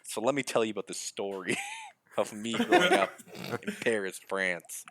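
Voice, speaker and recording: A man's voice: on the low side, wildly swooping pitch, moderate pace, fairly bright tone, slight background noise, exaggerated voice. A man putting on a rambling impression of an older male baseball manager giving a locker-room pep talk in a mangled French-Italian accent. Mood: hammy pep talk. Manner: hammy, rambling impression that keeps slipping. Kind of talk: comedic improvised bit on a podcast.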